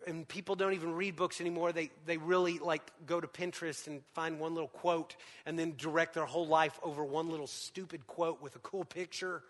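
A middle-aged man preaching a sermon to parents, swinging between loud emphatic lines and hushed ones. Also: on the high side. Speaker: pastor. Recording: long hall reverb.

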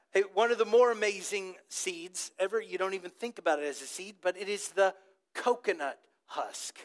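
A man's voice: sits high, moderate pace. A man preaching a sermon to a congregation, telling stories with animation and asking the crowd to repeat words back. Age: adult with a child old enough to talk. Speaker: pastor.

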